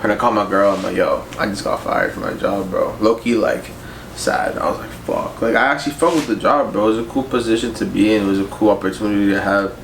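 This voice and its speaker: A man's voice: fairly low pitch, fast. Young man slangy storytime rant, roomy echo. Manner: slangy, profane, laid-back, fillers like "bro" and "like". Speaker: vlogger. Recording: roomy echo with faint noise.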